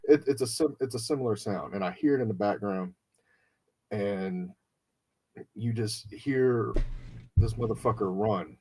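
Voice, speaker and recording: A man's voice: fairly low pitch, unhurried, pauses often, a little mellow, slight background noise. Profane, storytelling podcast host man. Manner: profane, emotional, acts out quoted friends. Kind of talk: casual storytelling chat.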